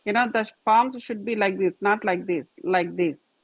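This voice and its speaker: Patiently repeating herself, a yoga and meditation teacher demonstrates every posture with gestures. She has a mid-range voice at normal speed, and the dull lo-fi recording is dry, without echo.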